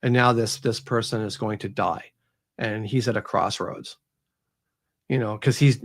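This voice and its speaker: A man, an author who is a guest on an interview show, retelling a story in a casual, animated way and acting out the characters. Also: medium pitch.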